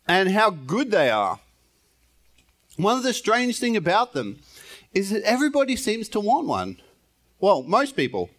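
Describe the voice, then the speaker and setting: Playful, lively-voiced male pastor. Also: sits high. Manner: playful, chatty, laughs often, self-deprecating. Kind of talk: informal sermon. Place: church.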